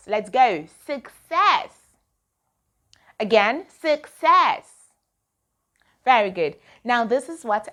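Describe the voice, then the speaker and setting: A woman's voice: a little high, lively intonation, slow pace, fairly bright tone. A woman teaching a pronunciation lesson to children. She drills words one at a time and asks and answers her own questions.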